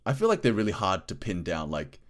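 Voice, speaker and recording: A man with a fairly low voice chats loosely as a podcast co-host. He rambles and hedges, with "like" scattered through his sentences. The talk is relaxed and unscripted. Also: brisk. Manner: rambling, full of "like" fillers. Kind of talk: casual podcast chat.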